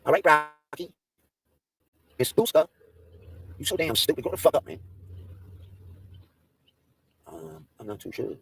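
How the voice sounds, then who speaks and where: A man's voice: a little high, sing-song, measured pace, long pauses, a bit bright, husky. A man hosting a livestream, ranting in a profane, confrontational way that keeps restarting and repeating itself. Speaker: livestream host. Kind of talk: heated livestream rant.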